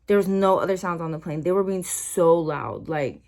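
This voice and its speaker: A woman telling a story to her viewers in a casual, exasperated, animated way, full of slang. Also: lowish voice, normal speed, creaky. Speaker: vlogger. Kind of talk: storytime vlog.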